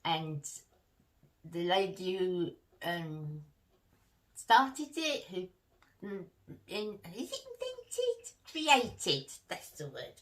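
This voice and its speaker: A middle-aged woman, a beauty vlogger chatting to camera and telling a story while laughing often. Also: fairly low pitch. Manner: animated, laughs through her story, warm asides to viewers.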